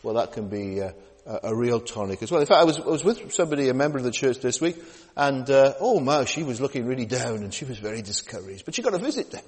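A male preacher gives a conversational sermon in a church hall, and his voice echoes with a long reverb. His pitch moves in a lively, animated way as he speaks. He stumbles and restarts often and keeps checking in with his listeners through tag questions. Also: fast talker.

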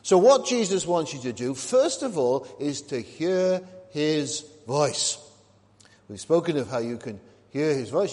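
A man's voice: mid-range voice, a little mellow. A man, a minister preaching a sermon, talking conversationally and asking and answering his own questions. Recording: long reverb of a large hall.

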